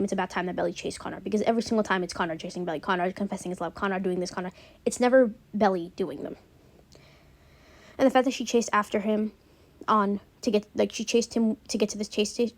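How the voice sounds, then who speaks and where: A young woman chatting casually as a vlogger, gushing and animated as she recaps a show. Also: medium pitch. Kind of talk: casual chat.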